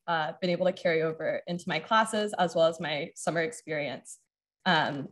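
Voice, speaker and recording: Earnest young woman giving a speech. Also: lowish voice. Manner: earnest, grateful, briefly choked up. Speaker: law student speaker. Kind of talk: prepared speech at a ceremony.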